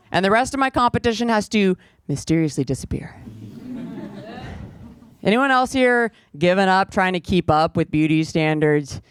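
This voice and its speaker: A young woman with a low voice performing a stand-up comedy set on a club stage with a handheld mic, dry and self-deprecating. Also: smooth, dry recording. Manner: dry, self-deprecating delivery with sudden high-pitched voiced asides.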